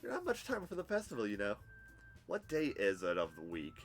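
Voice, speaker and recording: A man's voice: mid-range voice, huge pitch swings, a little fast, faint music behind. A man voicing a poised teenage girl club president with an odd English-American hybrid accent and a refined manner. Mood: brisk. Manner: refined, sophisticated.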